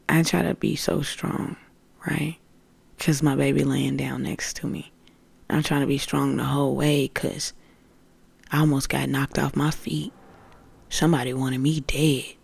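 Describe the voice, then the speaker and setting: A spiritual podcast host telling a story in a casual monologue, calling listeners "family" and swinging between loud outbursts and hushed whispers. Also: mid-range voice, gravelly, husky, no room sound. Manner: addresses listeners as family, streetwise slang.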